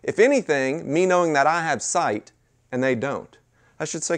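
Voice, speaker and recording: A man preaching a sermon at a mission chapel, talking in a conversational way with sudden loud bursts and hushed asides. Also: a little high, expressive, moderate pace. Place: mission chapel with a live audience.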